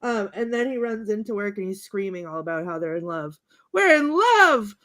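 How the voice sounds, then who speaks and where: A woman's voice: mid-range voice, fairly quick. Woman co-host, giggly and chatty, mid-range voice, quotes film lines with relish. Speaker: podcast co-host. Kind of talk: casual chat, quoting film lines.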